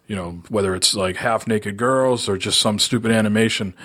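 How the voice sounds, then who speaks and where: A man's voice: fairly low pitch, normal speed, a bit bright. A man hosting a casual gaming podcast, curious and chatty, asking his co-hosts questions. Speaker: podcast host.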